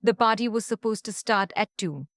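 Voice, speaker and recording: Calm woman narrating a story, dry sound. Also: medium pitch, normal speed, no room sound. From Canada (Ontario). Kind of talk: scripted first-person storytelling.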